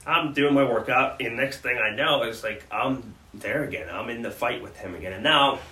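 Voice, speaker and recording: A man's voice: medium pitch, normal speed, sharp tone. A man in conversation on a podcast, earnestly recounting hard memories with frequent restarts. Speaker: podcast co-host. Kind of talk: personal storytelling in conversation. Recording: roomy sound from a distant mic with faint background noise.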